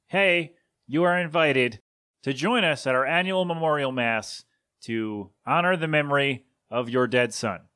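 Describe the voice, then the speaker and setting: A podcast host in his thirties, with a fairly high, sharp-toned voice, tells a story casually. He rambles and corrects himself as he goes.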